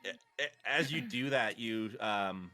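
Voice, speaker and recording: A man's voice: lowish voice, a little slow, pushed and bright, faint music behind. A man running a tabletop game as game master, narrating the scene with a chuckling, storytelling manner.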